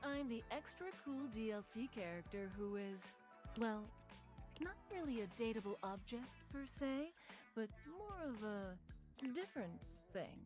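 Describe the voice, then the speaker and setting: A woman voicing a seductive female game character who talks in a slow, sultry way and turns giggly and unsure of herself. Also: on the high side, expressive. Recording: game audio with faint music.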